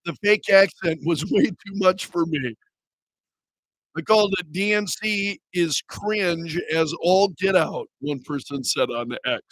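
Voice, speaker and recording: A man's voice: sits high, unhurried, fairly bright tone, no room sound, rough recording. A man hosting a talk radio show, reading items aloud and mocking them with a sarcastic tone and frequent laughter. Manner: sarcastic, laughs often, mocks what he reads. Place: radio studio. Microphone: studio microphone.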